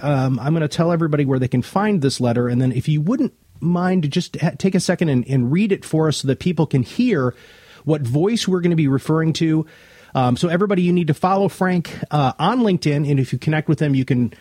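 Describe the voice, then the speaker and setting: A man's voice: on the high side, expressive, a little fast, darkish tone, husky, dry recording, studio quality. A man from the United States hosting a podcast, introducing a guest in a friendly, rambling way. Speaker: podcast host. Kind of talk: casual chat.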